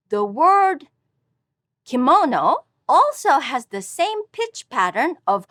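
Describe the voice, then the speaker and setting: A high, bright woman's voice with a lot of rise and fall, teaching in a slow and careful scripted delivery. She models each word deliberately. The sound is dry and close. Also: big pitch swings, no room sound. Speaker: language teacher. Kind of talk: scripted language lesson narration.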